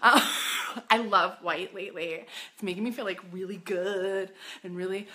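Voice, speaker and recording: A woman coaching boutique owners in a casual live stream, bubbly and excitable, chatty and full of "like.". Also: mid-range voice, normal speed. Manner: chatty, says "like" often.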